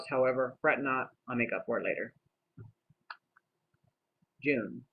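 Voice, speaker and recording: A man's voice: medium pitch, unhurried, pauses often, slightly rough. Tinny-sounding man narrating a vlog. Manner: chatty, with wry asides to the viewer. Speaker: vlogger narrating his giveaways. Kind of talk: diary-style vlog narration. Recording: tinny phone-like audio with faint hiss.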